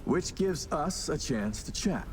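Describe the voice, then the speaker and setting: An actor voicing a smooth, polite male host in a video game. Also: fairly high pitch, expressive, a little slow.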